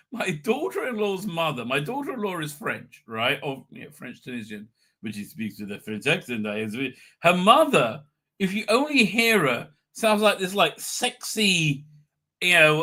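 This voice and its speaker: Rambling, sharp-voiced male livestream host. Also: fairly high pitch. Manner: rambling, chatty, quick to laugh. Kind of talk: casual live chat, reading viewer comments.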